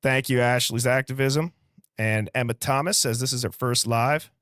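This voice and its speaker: Steady and mid-range, the man's voice has a Midwestern accent and comes through with no room sound at studio quality. He's hosting a livestream, chatting casually with viewers, reading comments, and giving quick shout-outs with light laughs in an upbeat way.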